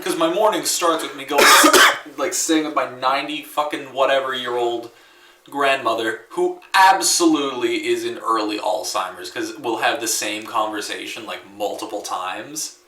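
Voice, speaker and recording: A young man co-hosting a casual podcast, telling crude stories in a deadpan way. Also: mid-range voice, a little hiss or hum. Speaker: podcast co-host. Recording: roomy, slightly distant mic.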